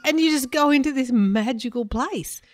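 A woman's voice: sits high, moderate pace, no room sound. A woman, co-hosting a podcast and chatting casually while telling stories and acting out what she said. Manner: chatty storyteller, acts out her own quotes. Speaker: podcast co-host. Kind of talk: casual chat.

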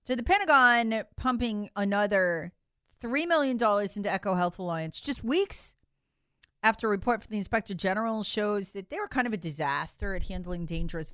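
A woman hosting an opinion monologue, sarcastic, swinging from loud outbursts to muttered asides and mocking voices. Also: medium pitch, lively intonation, a little fast, smooth, no room sound, studio quality. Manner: acts out mocking voices of others. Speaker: political commentary host.

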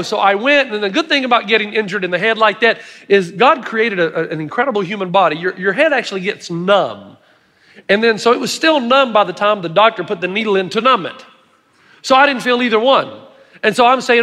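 A man's voice: high-pitched, lively intonation, brisk, bright, forceful tone, long reverb tail. A middle-aged man preaching a sermon, telling stories with emphatic asides to the congregation. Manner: storytelling, emphatic with audience asides.

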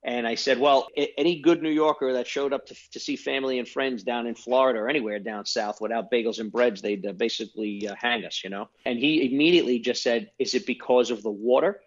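A man tells his story in casual interview answers, dropping in fillers as he goes. His voice sits at a medium pitch. The recording sounds a little dull. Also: fast, hardly any pauses. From New York. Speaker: company founder.

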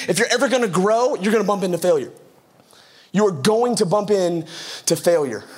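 A pastor in his thirties delivers a sermon in an easygoing, conversational way. His voice sits high for a man. He keeps it lively, acting out little voices and bits of slang as he talks. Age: 30s. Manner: casual, animated, acts out voices with slang and laughs.

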